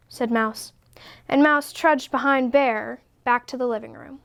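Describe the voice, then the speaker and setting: A woman reading a children's picture book aloud in a slow, expressive way. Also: a little high, vocal fry. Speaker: story reader. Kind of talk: storybook read-aloud.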